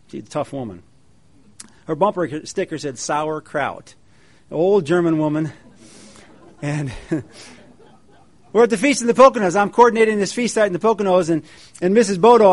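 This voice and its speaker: High-voiced folksy preacher, man. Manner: folksy storytelling, animated quoted voices. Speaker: pastor and feast coordinator. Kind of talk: sermon with anecdotes.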